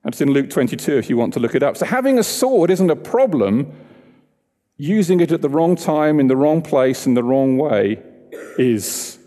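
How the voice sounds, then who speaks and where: A man's voice: on the high side, big pitch swings, moderate pace, warm tone, in a large hall. A man preaching a sermon in a church, talking conversationally and asking the congregation questions.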